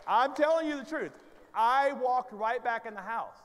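Man, middle-aged, guest preacher, high-pitched, animated humorous storytelling, long church-hall reverb. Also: moderate pace. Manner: animated, self-deprecating humor, playful asides to the crowd. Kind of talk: storytelling sermon. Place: large church sanctuary.

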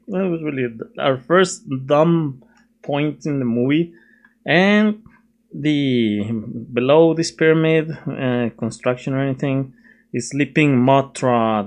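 A young man casually reviewing a film while sketching at his desk, chatty and self-mocking, laughing often. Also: medium pitch. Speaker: video reviewer.

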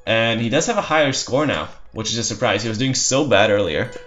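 A man's voice: medium pitch, lively intonation, brisk, a bit bright. A man giving casual live commentary over his own strategy game match, rambling and self-deprecating with dry sarcasm. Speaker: gameplay commentator. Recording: dull lo-fi mic with faint music.

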